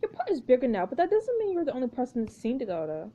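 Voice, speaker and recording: A jealous rival actress from a story game talks down in short, clipped lines, as a woman reads her. Her voice is high with lively swings and a warm, dark tone. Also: very fast, heavily acted. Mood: scornful. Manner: curt and condescending.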